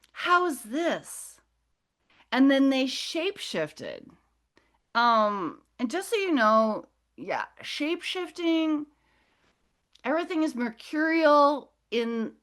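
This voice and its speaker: A woman's voice: medium pitch, fairly bright tone. Chatty middle-aged woman, laughing storyteller. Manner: chatty, laughing, colorful and digressive. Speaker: guest speaker. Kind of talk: casual talk to a group.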